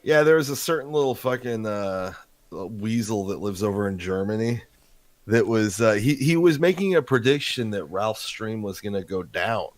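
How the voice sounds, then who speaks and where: Man, livestream co-host, hesitant rambling speech, lively pitch, dry sound. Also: moderate pace, no echo. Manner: rambling, hesitant with many fillers. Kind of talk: casual livestream banter.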